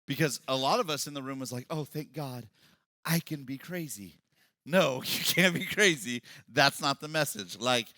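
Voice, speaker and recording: A male pastor preaching a sermon, swinging from quiet talk to loud shouted passages. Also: on the high side, no room sound. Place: church hall with congregation.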